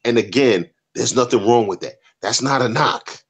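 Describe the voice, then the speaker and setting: A man's voice: medium pitch, normal speed, breathy edge. A man co-hosting a loose sports talk show. He talks emphatically in street slang and drives each point home by repeating it. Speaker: podcast co-host.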